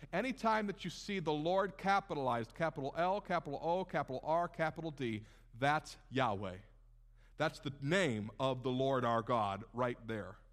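A man gives a sermon in a fairly high voice. He preaches in an animated, conversational way and slips into casual asides to the congregation. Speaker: pastor.

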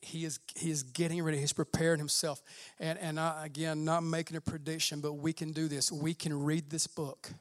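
A man preaching a fervent sermon as pastor, often saying "man" and swelling loud when he reads scripture. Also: a little high, little pitch movement, fairly quick, no echo, clean studio sound.

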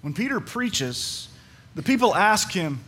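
Male pastor, high voice, emphatic sermon delivery, repeats lines for impact. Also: very animated, a little slow, husky. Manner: emphatic, repeats key phrases; swings between soft and loud delivery.

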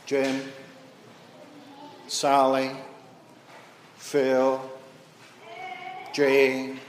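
A man preaching a sermon as pastor in a church, reading scripture and telling a story with slow, deliberate pauses. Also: medium pitch, monotone, slight background noise. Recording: echoey church from a distance.

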